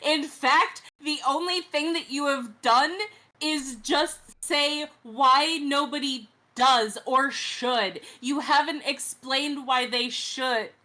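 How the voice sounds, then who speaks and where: Woman, podcast guest, emphatic lecturing, slow delivery, sharp bright voice. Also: high-pitched. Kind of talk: casual chat.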